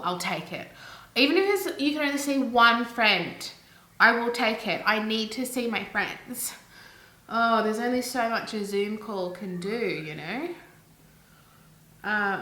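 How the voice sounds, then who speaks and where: A woman in her thirties chatting casually through a makeup routine at home, going off on animated rants. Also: medium pitch. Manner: chatty, ranting, animated asides. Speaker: beauty vlogger. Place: room at home. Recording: echoey room, faint ambience.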